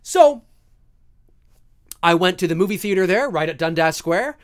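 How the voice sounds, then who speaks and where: A man hosts a casual live stream, telling a story to his viewers. His pitch leaps up and down as he acts out scenes and swears freely. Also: expressive, moderate pace, smooth. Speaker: live-stream host answering viewer questions.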